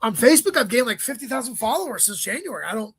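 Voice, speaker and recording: A man, a stand-up comedian, chatting as an interview guest, telling stories quickly with swearing and joking asides. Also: very high voice, sing-song, fairly bright tone, breathy edge. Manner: profane, rapid storytelling with joking asides. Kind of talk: casual interview chat.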